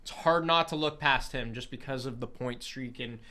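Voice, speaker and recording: An upbeat man co-hosting a podcast, sounding confident and casual. His voice is bright and ringing, with a smooth, clean tone. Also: medium pitch, normal speed. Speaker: podcast co-host. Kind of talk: casual hockey podcast chat.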